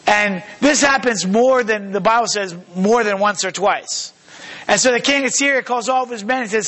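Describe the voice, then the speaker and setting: A man preaching a sermon as pastor, talking in a halting way with many fillers and slowing down when he reads scripture. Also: sits high, bright, forceful tone.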